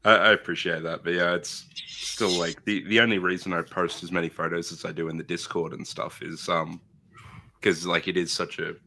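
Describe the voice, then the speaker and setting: A man's voice: sits low, level tone, normal speed, sharp tone. A man chatting casually as a guest, hesitant and self-deprecating, stumbling over his words. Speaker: guest model painter. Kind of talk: casual chat.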